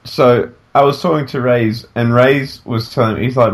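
Man, podcast co-host, casual banter, teasing, mid-pitched voice. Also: moderate pace. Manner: teasing, animated, laughs often. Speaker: podcast co-host and game developer.

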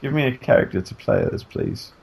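Man, podcast co-host, casual chat, sleepy, animated and joking, speaking from bed. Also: sits low, fairly quick, gravelly, breathy edge. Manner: animated, joking, trails off and restarts. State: sleepy, yawning. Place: in bed at home.

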